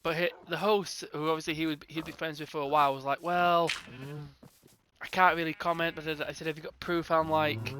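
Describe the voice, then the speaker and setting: A young man with a bright, somewhat high voice tells a rambling storytime about a gaming server. He slips in and out of quoted dialogue, playing himself and the other players as he goes. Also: slight background noise. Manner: rambling, acts out both sides of conversations in quotes. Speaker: gaming channel host. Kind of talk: casual storytime narration.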